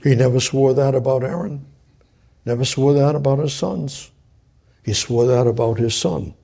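A man preaching a Bible study sermon, halting and restarting his phrases as he works through a passage. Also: mid-range voice, creaky, mellow, breathy edge.

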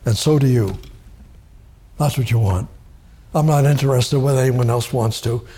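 A man's voice: mid-range voice, moderate pace, mellow, a little hiss or hum. A man preaching a sermon from the Bible, speaking emphatically and repeating his key words.

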